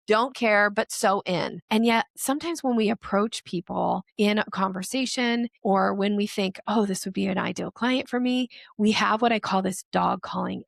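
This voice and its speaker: Gravelly-voiced woman sales strategist. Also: medium pitch, no room sound, clean studio sound. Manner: lively, acts out quoted voices. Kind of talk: podcast interview guest explaining.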